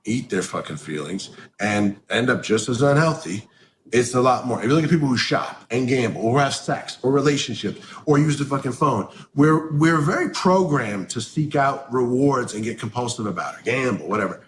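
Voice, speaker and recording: A man answers an interview question about recovery candidly, bluntly and with salty language. His medium-pitched voice is expressive at a moderate pace, recorded with roomy echo and faint background noise.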